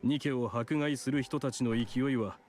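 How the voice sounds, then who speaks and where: An actor playing a smooth, self-serving middle-aged male doctor in a video game, calm and polite in a matter-of-fact way. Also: mid-range voice, quick pace, faint music behind, close to an everyday voice. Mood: explaining. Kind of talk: game voice acting.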